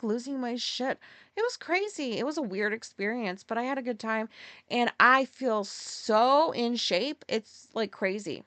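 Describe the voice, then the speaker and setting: A woman's voice: mid-range voice, lively intonation, measured pace, a bit bright, dry recording. A woman hosting a podcast, telling a story in a candid, profane way and often laughing at herself. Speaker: podcast host. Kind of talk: casual solo storytelling.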